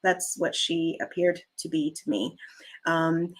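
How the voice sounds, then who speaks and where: A woman hosting a casual livestream chat. She rambles warmly through personal stories and stops to thank viewers for their comments. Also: low-pitched, slow. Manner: chatty, rambling storyteller who reads out viewer comments. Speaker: livestream host.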